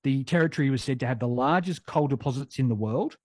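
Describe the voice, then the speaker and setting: A man's voice: mid-range voice, quick pace, darkish tone, no echo. A man with an Australian accent telling history stories in a witty, casual way as a regular radio guest. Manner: witty, storytelling. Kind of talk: casual chat.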